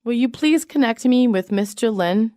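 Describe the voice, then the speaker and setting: A woman with a fairly high voice reads English practice sentences one after another, measured and evenly paced. The sound is close and dry, with no room around it. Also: animated, mellow, no echo. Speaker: English lesson reader. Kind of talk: reading practice sentences aloud.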